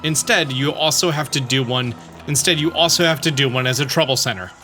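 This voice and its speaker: A man hosting a game walkthrough in a relaxed way, often saying "let's go ahead". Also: medium pitch, brisk, faint music behind. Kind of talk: let's-play commentary.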